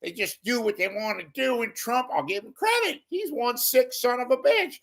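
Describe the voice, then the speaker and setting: A man's voice: very high voice, animated, normal speed, fairly bright tone, pitched above the performer's own voice, full character voice. A man putting on a brash, swearing older Southern political pundit with a Louisiana drawl. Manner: drawling, swearing, hesitant with fillers.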